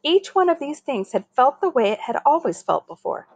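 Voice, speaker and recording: A woman reading a children's chapter book aloud in a steady, expressive way. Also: sits high, moderate pace, no echo. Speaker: story reader.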